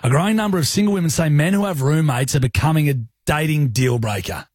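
Man, Australian accent, thirties, husky, dry studio sound, joking radio co-host. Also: on the high side, fast, darkish tone, dry recording. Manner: joking, laid-back, slangy. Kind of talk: casual on-air banter. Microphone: studio broadcast mic.

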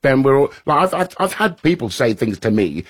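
Man, husky voice, animated joking storyteller, casual radio chat. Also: medium pitch, fairly quick. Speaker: comedian guest.

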